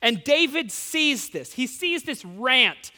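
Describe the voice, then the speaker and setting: A male preacher retelling a story in an animated, casual sermon full of slang asides. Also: very high-pitched, slow. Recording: long hall reverb.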